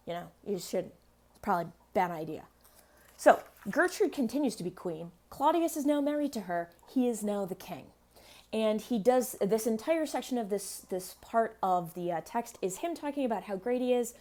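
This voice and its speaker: A woman's voice: mid-range voice, darkish tone. Woman talking through a play for a class, casual, chatty, bit sassy. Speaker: teacher. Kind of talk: casual explanatory lesson.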